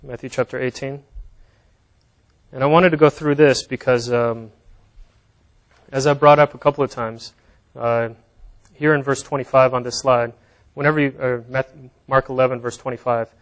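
A man's voice: medium pitch, steady tone, moderate pace, pauses often. A man preaching an informal sermon, reading scripture aloud and explaining it in a conversational way with plain everyday examples.

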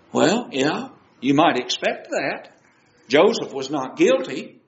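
A man's voice: a little high, a bit bright, roomy sound, muffled recording. A man preaching a sermon, asking his listeners question after question. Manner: asks the audience many questions.

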